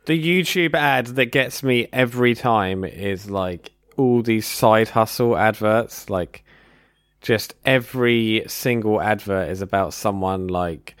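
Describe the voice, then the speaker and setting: A man chats casually on a podcast, with a somewhat low voice. His sound is dry and close, with little room around it. He is laid-back and blunt, and often chimes in to agree. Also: slow pace, fairly bright tone, clean tone, no room sound.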